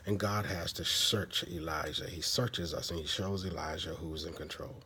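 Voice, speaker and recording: A man's voice: low-pitched, steady tone, normal speed, pushed and bright, slight background noise. A man preaching a devotional sermon, dramatic and sometimes dropping to a whisper for emphasis.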